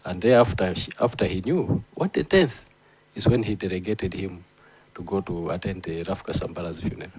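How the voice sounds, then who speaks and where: A man's voice: sits low, fairly quick, a little mellow, husky, rough recording. A man, a member of parliament persistently questioning a witness about exact dates. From Malawi. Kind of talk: formal questioning.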